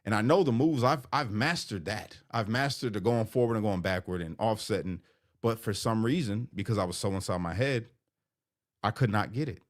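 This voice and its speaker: Deep-voiced man telling a candid story. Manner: candid, emotional, rambling with fillers. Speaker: vlogger. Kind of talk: personal vlog, confessional storytelling.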